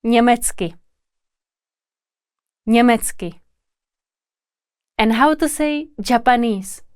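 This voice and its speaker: A woman language teacher who speaks slowly and carefully, saying each word twice in a lesson drill. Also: fairly high pitch, a little mellow, smooth, no room sound.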